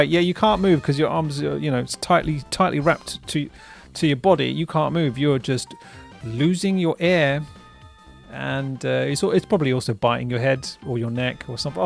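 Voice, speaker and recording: A man's voice: on the high side, normal speed, vocal fry, faint music behind. A man hosting a live stream in casual chat, rambling and laughing often, tagging lines with "right?" and "bruv". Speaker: streamer host.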